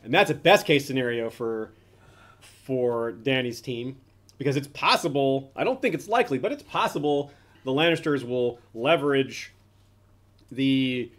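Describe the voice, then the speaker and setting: A man of middling pitch talking through fan theories in a relaxed, casual way. He thinks aloud, circling back and restarting his sentences as he weighs possibilities. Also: unhurried. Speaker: podcast co-host.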